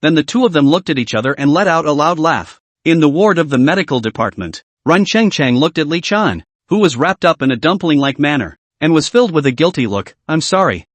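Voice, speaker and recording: A man's voice: a little high, expressive, brisk, hardly any pauses, no echo. A man narrating a comic story recap in a scripted reading.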